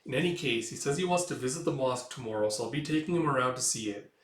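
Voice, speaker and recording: A man playing a loving, well-off husband, tender and courtly, in a mid-pitched voice close to his own. The room is roomy, and he sits back from the mic. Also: animated, fast talker, close to an everyday voice. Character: affectionate, well-off husband and host. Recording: roomy echo, mic far off.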